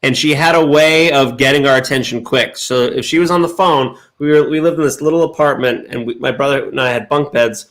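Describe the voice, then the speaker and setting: A man telling a lively childhood story in casual chat, acting out the sounds and voices. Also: medium pitch, fairly quick, few pauses. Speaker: co-host.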